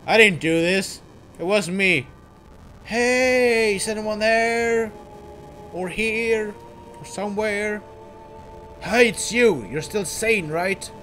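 A man voicing a panicky young male hero, reading game dialogue aloud in high, loud, frantic exclamations. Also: big pitch swings, moderate pace, vocal fry, hardly any pauses, soft background music, heavily acted.

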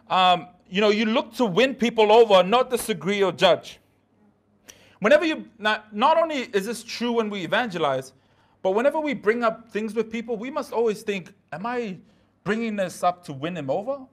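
A man preaching a midweek sermon in a church, talking casually with slang and asides. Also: sits high.

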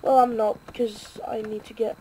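A woman with a high voice gives live commentary as she plays a game. She is excitable and self-mocking, and she swears and cheers in quick bursts. Clear background noise runs under her home mic. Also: rough recording. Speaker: gaming video creator.

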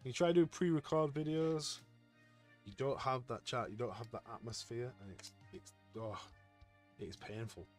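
A man live-streaming as he opens trading card packs, chatting excitedly with his viewers. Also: mid-range voice, normal speed, faint music behind. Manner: excitable, chatty, talks to chat. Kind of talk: casual live-stream chat.

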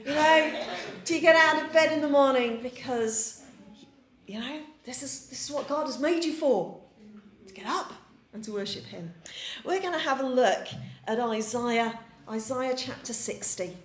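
A Yorkshire woman in her forties, a pastor, preaches a chatty sermon full of stories and asks her congregation questions. Her voice is high and her pace normal, and the church room around her echoes.

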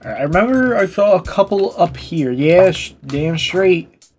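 A woman's voice: on the low side, expressive, normal speed, a little mellow, faint music behind. A woman giving gameplay commentary in a crude, joking, self-mocking way. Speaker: gaming video creator.

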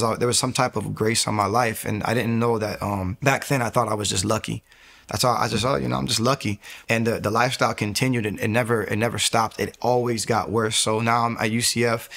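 A man's voice: on the low side, little pitch movement, fast, vocal fry, fairly bright tone. A man telling his own faith testimony as an interview guest, earnest and candidly confessional. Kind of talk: personal testimony storytelling.

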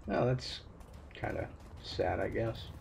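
A man's voice: lowish voice, big pitch swings, takes it slowly, gravelly, darkish tone, slight background noise. A man playing a video game who reads its text aloud and adds casual comments, swearing now and then at his own slips. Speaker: let's play gamer.

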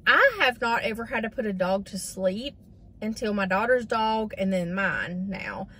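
A woman's voice: mid-range voice, expressive, unhurried, pushed and bright. Grieving woman in her forties. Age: 40s. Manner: grieving, rambling, addresses viewers as y'all. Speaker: vlogger. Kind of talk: casual chat.

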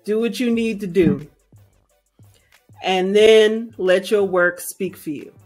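A woman's voice: mid-range voice, slow pace, a little mellow, dry recording, soft background music. A woman co-hosting a casual podcast chat, blunt and sassy, driving her points home with emphatic repetition. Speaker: podcast co-host.

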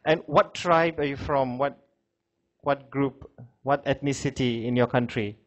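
A man's voice: medium pitch, unhurried. A man giving a classroom lecture, chatting with students, asking questions and laughing often.

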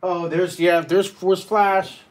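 Playful, excitable man teaching drawing. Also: sits high, slow pace, a little hiss or hum. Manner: playful, excitable, chatty, addresses kids directly. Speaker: art teacher hosting a live kids' drawing webcast. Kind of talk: live online drawing lesson. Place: at home, son and cat in the room.

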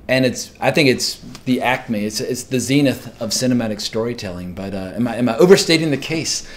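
A man with a medium-pitched voice hosts a relaxed conversation about films. He talks eagerly, with plenty of "like" fillers. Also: fairly quick. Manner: enthusiastic, filler-heavy. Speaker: host. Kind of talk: casual film discussion.

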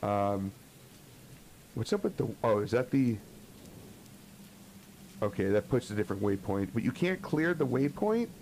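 A man's voice: on the low side, animated, unhurried, long pauses, noisy background. A young man streaming a horror game, chatting casually and swearing, greeting viewers as he plays. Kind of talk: live gameplay commentary.

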